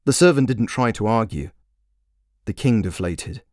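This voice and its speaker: A man's voice: lowish voice, animated, moderate pace, long pauses, a little mellow, dry recording, clean studio sound. A man narrating a fairy tale he wrote, in a wry, playful storytelling manner. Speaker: storyteller and author.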